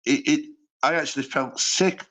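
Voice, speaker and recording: A man's voice: on the high side, normal speed, fairly bright tone. A stoned man rambling matily in a livestream chat, swearing along the way. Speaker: panel guest.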